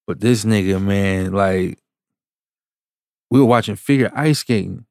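A man, a music producer, telling a story in casual chat, slangy and animated, acting out the people he quotes. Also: fairly low pitch, a little slow, gravelly, no echo, studio quality.

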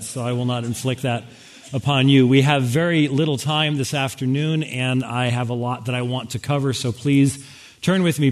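A man giving a quick, wry sermon-style lecture to a conference audience. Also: medium pitch. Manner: fast-talking, wry, addressing an audience with interpreters. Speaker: speaker at a Christian conference.

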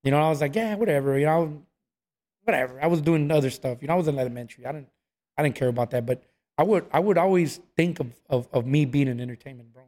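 Speaking fast in a voice on the high side, a man spins stories during casual conversation. He acts out other people's quotes with animation and drops "bro" constantly.

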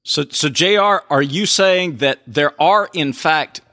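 A man on a podcast, teasing his co-host in a deadpan way. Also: on the high side, measured pace. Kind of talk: casual podcast banter.

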